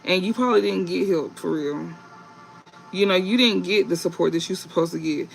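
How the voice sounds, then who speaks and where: A male tarot reader with a high-sitting voice and vocal fry gives viewers a casual reading, rambling and halting with many fillers and restarts as he reads card meanings aloud. Soft music plays in the background, and the recording is low quality.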